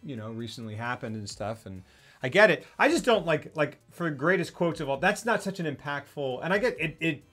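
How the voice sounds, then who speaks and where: A man co-hosting a casual film discussion, rambling with many fillers and jumping into animated impressions of scenes. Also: a little high, fairly quick, soft background music. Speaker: podcast co-host.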